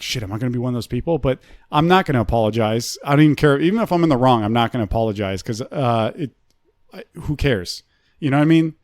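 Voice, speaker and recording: A man's voice: mid-range voice, no room sound, clean studio sound. A man, a comedian, talking through his views in loose podcast banter, swearing freely and often restarting his sentences.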